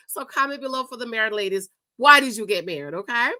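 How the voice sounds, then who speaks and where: Woman host, reaction commentary; emphatic, animated storyteller with a bright, crisp voice. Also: on the high side. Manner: emphatic, animated, laughs often, says "okay?" a lot. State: married.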